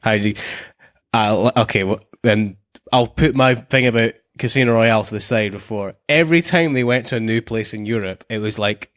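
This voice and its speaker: A man's voice: on the low side, moderate pace, a bit bright. A man with a British accent co-hosting a podcast in casual chat, rambling and wry with many restarts. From Britain. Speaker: podcast co-host.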